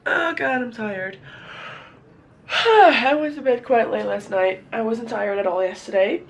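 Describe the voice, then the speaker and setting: Young woman vlogger, chatty and self-correcting, voice worn from a cold, slight background noise. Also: medium pitch. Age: young adult. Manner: chatty, rambling, self-correcting, mildly sarcastic. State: sore throat from a cold, voice partly gone. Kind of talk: casual vlog chat.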